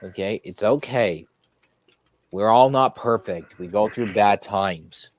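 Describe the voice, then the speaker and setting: Slow, low-voiced man talking gently. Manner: slow and reassuring, with fillers and restarts.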